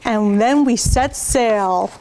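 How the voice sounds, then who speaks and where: A woman reading picture books aloud at a preschool storytime, pausing to point out pictures to her young listeners. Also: on the high side, a little mellow, a little hiss or hum.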